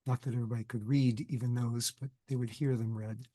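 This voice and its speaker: A man's voice: mid-range voice, steady tone, fast talker, warm tone, no echo. Older man with a cold, video lecture, digressive and conversational, dry close sound. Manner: conversational, digressive, self-correcting. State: has a cold, coughing. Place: indoors, recording for video.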